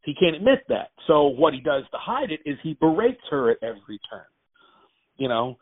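A man, an actor and writer, telling animated anecdotes in a casual interview. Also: a little high, fairly quick, slightly rough. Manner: animated anecdotes, acts out quotes. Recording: tinny phone-like line, dry.

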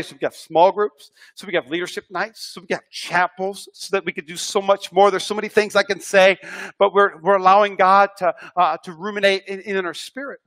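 A male pastor preaching a sermon, swinging between hushed lines and loud, emphatic repeats. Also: high-pitched.

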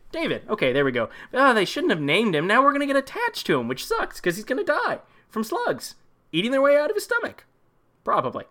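A man's voice: high voice, fairly bright tone. A man hosting a podcast, riffing sarcastically on a movie in a rambling, profane way. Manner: sarcastic, rambling, swears freely. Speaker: podcast host.

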